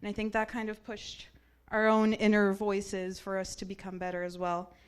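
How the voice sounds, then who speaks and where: A young woman with a smooth, clear voice speaks to her classmates at graduation. Her tone is heartfelt and grateful. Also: mid-range voice, monotone, moderate pace. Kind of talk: graduation speech.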